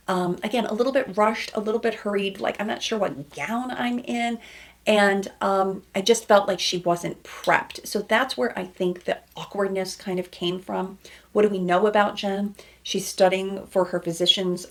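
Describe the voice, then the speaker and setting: A woman's voice: mid-range voice, vocal fry. A woman hosting a reality TV commentary show, talking casually to her viewers in a chatty, heartfelt way. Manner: chatty, warm-hearted, gets choked up.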